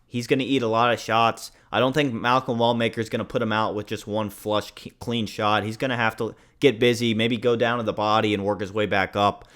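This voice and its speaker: A man talks through his fight predictions in a loose, unscripted way. He is blunt and swears freely, and he jokes about his own slips. His voice sits at an everyday middle pitch. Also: fairly bright tone. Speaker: host giving fight predictions. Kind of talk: casual commentary.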